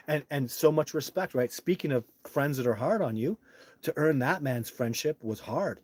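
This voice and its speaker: A man hosting a live stream, answering chat in a rambling way that heats up into loud, indignant rants with cursing. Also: fairly high pitch, expressive, moderate pace, no room sound.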